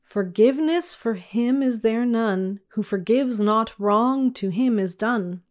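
A wrathful king speaks in stately archaic verse, voiced by a woman reading the poem aloud. The delivery is slow and unhurried, pitched somewhat high. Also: darkish tone. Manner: commanding, archaic speech. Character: stern angry old-world king, man.

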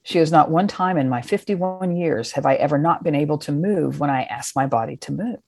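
Middle-aged woman, low voice, dry close mic, animated storyteller who swears casually. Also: a little fast, creaky, breathy edge, no echo. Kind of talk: personal storytelling.

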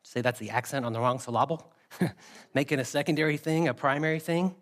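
A man's voice: mid-range voice, fairly quick. A man preaching a sermon in a conversational way, reading scripture aloud and repeating key phrases for emphasis. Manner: reads scripture aloud in a steady cadence. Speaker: pastor.

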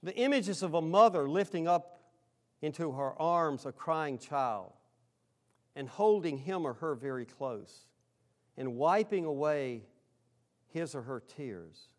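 A man preaching to his congregation addresses them directly in a conversational sermon, his fairly high voice shifting from loud emphasis to near-whispers.

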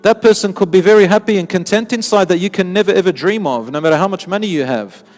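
Animated male preacher in a reverberant hall. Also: high-pitched, fast talker, soft background music. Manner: animated, repeats words for emphasis, mixes in Arabic. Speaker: Islamic preacher. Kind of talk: sermon with storytelling.

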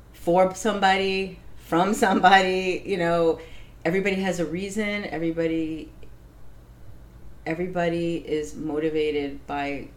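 Lively woman telling a personal story. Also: fairly low pitch. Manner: animated, laughs often, acts out quoted voices. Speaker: interview guest. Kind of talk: casual storytelling.

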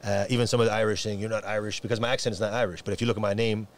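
A man from America, an imam, chatting quickly and animatedly, full of restarts and Arabic phrases. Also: on the low side, flat delivery, creaky. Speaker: imam and preacher. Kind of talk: casual podcast conversation.

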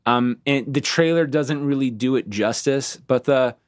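Animated, swearing man hosting a podcast. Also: medium pitch, moderate pace. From Ohio, US. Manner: animated, swearing, acts out movie lines. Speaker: podcast host. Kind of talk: casual podcast chat.

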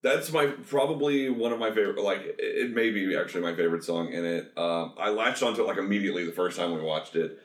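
A man's voice: low-pitched, roomy sound. A man co-hosting a podcast, chatting eagerly and rambling about a musical he loves. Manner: enthusiastic, rambling, quick asides. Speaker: podcast co-host. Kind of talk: casual chat about a musical.

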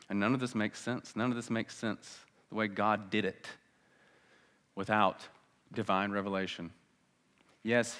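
A male pastor giving a sermon in a church, swinging from biting sarcasm to hushed, earnest appeals. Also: on the low side. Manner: sarcastic, then dramatic with wide swings between loud and hushed.

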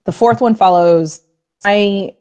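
A woman's voice: mid-range voice, slow pace, darkish tone. A woman, a comic book writer and podcast guest, chatting casually and gushing about her characters with lots of fillers and laughs.

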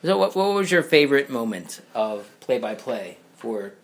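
A man's voice: medium pitch, sing-song, moderate pace. A man hosting a casual podcast, reading listener questions loosely with plenty of fillers and hesitations.

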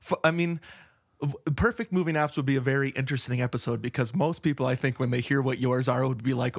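A man's voice: mid-range voice, fairly even intonation, quick pace, slightly rough, no echo, clean studio sound. A man co-hosting a movie podcast in casual chat, playful and musing, with self-doubting asides. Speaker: podcast co-host.

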